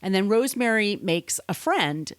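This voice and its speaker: A woman's voice: mid-range voice, animated, moderate pace, clean tone, dry recording. A woman co-hosting a casual podcast, retelling a story in a rambling way and acting out quotes. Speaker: podcast co-host. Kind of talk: casual book-versus-movie chat.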